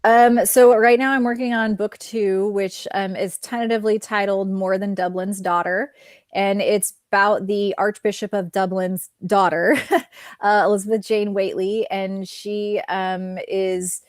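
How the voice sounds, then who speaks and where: A woman's voice: mid-range voice, steady tone, unhurried, no room sound, clean studio sound. A woman with a Californian accent, an author guest chatting casually over a video call, laughing often. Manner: chatty, giggly, many fillers. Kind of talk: casual interview chat.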